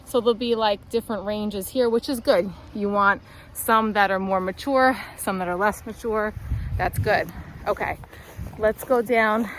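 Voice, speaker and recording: A woman's voice: medium pitch, measured pace, slight background noise, poor audio. A woman flower farmer giving a casual walk-through of her rows outdoors, chatty and upbeat, slightly out of breath. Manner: chatty, upbeat, talking while walking the rows.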